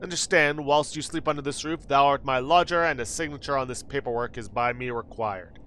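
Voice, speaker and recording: A man's voice: medium pitch, fairly quick, fairly bright tone, a little hiss or hum, close to an everyday voice. A man voicing a formal, old-fashioned lodging-house keeper who speaks in pompous, archaic phrasing. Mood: haughty.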